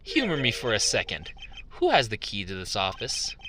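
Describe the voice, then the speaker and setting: A man voicing a cool, haughty male prosecutor who speaks in a measured, formal, condescending way. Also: lowish voice, huge pitch swings, noisy background, pitched below the performer's own voice. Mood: composed.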